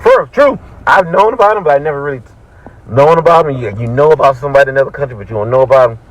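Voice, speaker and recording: A man's voice: medium pitch, rapid-fire, a crowd in the background, low-quality recording. A man making a casual reaction video, laughing and talking in slang.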